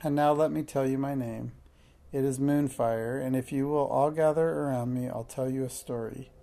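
A beautiful, gentle nymph mother speaks in soft, lilting tones, put on by a man reading a storybook aloud. The voice stays low and mellow, with a gravelly edge. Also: fairly even intonation, moderate pace, lightly acted.

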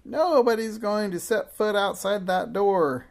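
A man's voice: medium pitch, little pitch movement, a little slow, darkish tone, close to an everyday voice. A man reading a storybook aloud and voicing a cruel, sneering old witch who shrieks and scolds. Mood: shrieking, sneering.

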